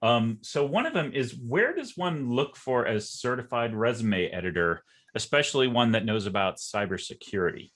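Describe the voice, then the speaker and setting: A man's voice: medium pitch, very animated, moderate pace, a bit bright. A man moderating a webinar over a video call, relaying audience questions in an easygoing way.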